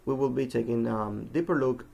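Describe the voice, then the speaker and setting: A man giving an instructional talk on pronunciation, speaking in a measured way with frequent um and uh fillers. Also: mid-range voice, vocal fry, warm tone, lo-fi sound. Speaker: English pronunciation teacher.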